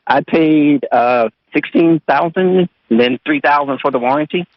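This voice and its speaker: A man's voice: on the high side, moderate pace, no echo. A man calling in to a radio show, hesitant and giving terse answers. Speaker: caller. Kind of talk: phone-in call. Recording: dull lo-fi radio stream.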